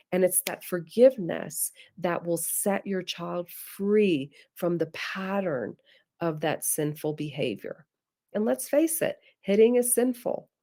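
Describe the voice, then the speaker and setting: A middle-aged woman speaking to parents in an earnest, faith-based talk, her voice low and gravelly with a mellow, dark tone. She turns to her listeners as "guys" and slips into soft, gentle lines a parent might say to a child. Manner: acts out soft, warm parent-to-child apologies. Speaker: parenting webinar presenter.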